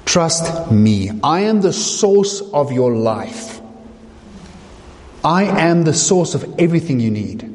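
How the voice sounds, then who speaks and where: A calm, reassuring divine teacher, voiced by a preacher, speaks slowly and gently. The voice drops low and soft. It echoes in a roomy hall with long reverb. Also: male voice, full character voice.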